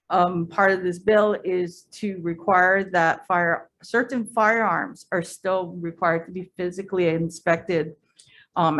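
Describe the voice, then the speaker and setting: A woman testifying as a government attorney at a legislative hearing, measured and formal with occasional hesitations. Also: lowish voice, rough recording. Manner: measured, with occasional fillers and restarts. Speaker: deputy attorney general testifying.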